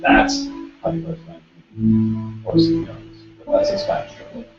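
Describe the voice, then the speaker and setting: A man's voice: a little high, animated, normal speed. A man teaching guitar one-on-one, giving direct instructions and often repeating them. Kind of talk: one-on-one music lesson. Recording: roomy, distant, dull lo-fi sound with guitar.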